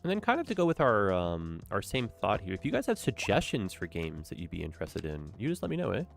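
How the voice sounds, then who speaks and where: Chatty gravelly young man playing a game. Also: low-pitched, wildly swooping pitch, fast, faint music behind. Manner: chatty, upbeat, tag questions with "eh". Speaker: gaming streamer. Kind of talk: casual let's-play commentary.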